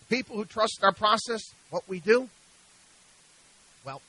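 Male radio host, high bright voice, dry studio sound, preachy and emphatic monologue. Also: lively intonation, measured pace, slightly rough, no echo, poor audio. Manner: emphatic, preachy, rhetorical questions.

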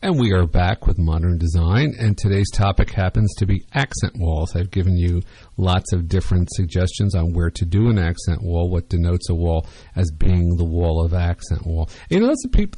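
A man's voice: deep voice, mellow, breathy edge, no room sound. A man hosting a radio advice show about interior design, talking conversationally with many fillers and restarts.

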